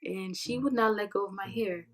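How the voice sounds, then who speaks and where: A young woman vlogger telling a casual storytime with animated, slangy delivery, acting out what people said. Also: mid-range voice, normal speed, slight background noise. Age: young adult.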